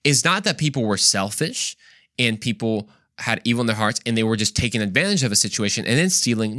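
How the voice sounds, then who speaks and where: A man's voice: medium pitch, expressive, fairly quick, bright, forceful tone, no echo, clean studio sound. A man hosting a Christian podcast, talking emphatically in a monologue, firing off rhetorical questions and often repeating himself. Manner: repeats words and restarts often. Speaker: podcast host.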